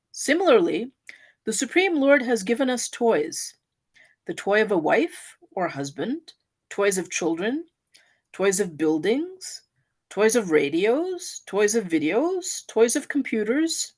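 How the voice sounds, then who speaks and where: A woman giving a devotional offering, reading a story aloud in an earnest, expressive storytelling manner. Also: medium pitch.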